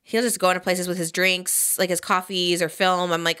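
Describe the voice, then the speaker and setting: A woman in her thirties hosts a casual podcast chat, her voice quick and bright. She talks emphatically and acts out what she said to others. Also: on the low side, little pitch movement, smooth. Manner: emphatic, quoting herself. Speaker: podcast host.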